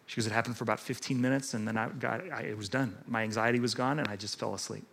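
A man preaching a sermon in a conversational, animated way, acting out the voices of people he quotes. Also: lowish voice, fast, breathy edge. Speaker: pastor.

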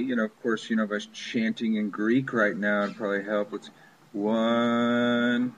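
A man's voice: lowish voice, moderate pace, dull audio. A man casually talking through a money spell he performs on camera, offhand and wry, swearing now and then. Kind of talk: casual talk-through of a ritual. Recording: steady background noise.

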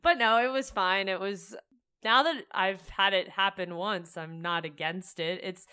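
A young woman telling candid, animated stories in casual chat, swearing freely. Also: medium pitch, measured pace, clean tone.

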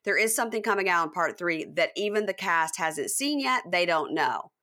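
A woman podcast host in casual chat, animatedly recapping a reality show and acting out the cast's lines. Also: moderate pace. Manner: animated, acts out cast quotes in high voices.

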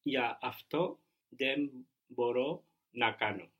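Guy learning a language, answers real slow, kinda hesitant, short tries. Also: medium pitch, dull audio. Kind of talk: answering in a spoken language lesson.

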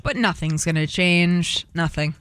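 A woman's voice: on the low side, unhurried, fairly bright tone, smooth. A woman hosting a radio show, chatting and laughing as she tells stories and takes callers. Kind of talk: casual radio chat with callers.

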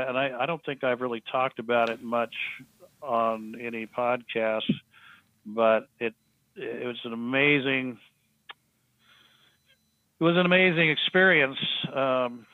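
Halting man on a tinny phone line. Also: medium pitch, dry recording. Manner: halting, with frequent restarts and fillers. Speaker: podcast guest. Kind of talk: storytelling in casual conversation.

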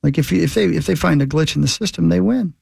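Higher-voiced gravelly male co-host. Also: fast, a little mellow, no room sound, clean studio sound. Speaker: radio co-host. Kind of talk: casual studio banter.

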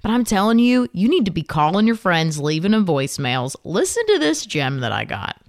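A woman's voice: lowish voice, sing-song, a little fast. A woman co-hosting a radio show from home, talking in an upbeat, teasing way. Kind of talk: casual radio banter.

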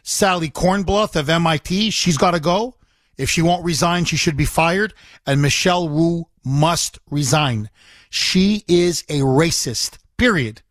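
A man's voice: on the high side, a little slow, fairly bright tone, dry recording, clean studio sound. A man hosting a talk radio show, talking emphatically and indignantly and repeating himself for emphasis.

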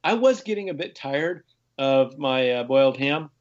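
A man from the United States tells his running stories on a podcast, wandering through them with restarts and small laughs. His voice sits at an ordinary middle pitch for a man. The sound is a bit dull and lo-fi. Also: lively intonation, moderate pace. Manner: rambling storyteller with frequent restarts and laughs. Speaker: podcast guest, ultrarunner. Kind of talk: casual conversation.

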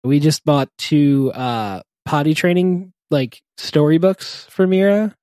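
A man and parent chatting casually, telling funny anecdotes in halting bursts, laughing often and breaking off mid-sentence. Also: on the high side, warm tone, no echo, studio quality. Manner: chuckling, halting, self-interrupting anecdotes. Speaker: podcast co-host, parent. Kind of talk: casual chat, storytelling.

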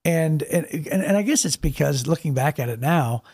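A man's voice: a little high, expressive, normal speed, darkish tone, husky. A man from Ohio, a pastor, telling stories in a casual chat with lots of restarts and repeated words. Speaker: pastor and podcast co-host.

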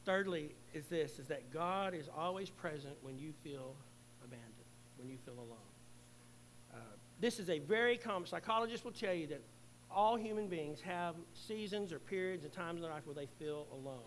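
Man, pastor, sermon, high voice, faint hum behind, earnest swells and hushes. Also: lively intonation, normal speed, low-quality recording. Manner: earnest preaching, swelling loud then dropping soft.

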